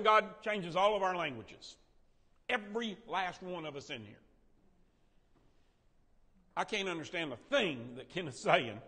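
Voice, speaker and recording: A man teaching a Bible lesson to a Sunday school class in a church room, quizzing the class and joking as he goes. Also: high voice. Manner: animated, quizzes and jokes with the class. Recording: reverberant room.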